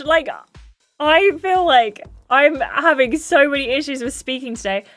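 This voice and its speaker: A woman's voice: sits high, a little slow, fairly bright tone, soft background music. A woman streaming a story game, reading its dialogue aloud and chatting with her viewers, often apologizing for her slips.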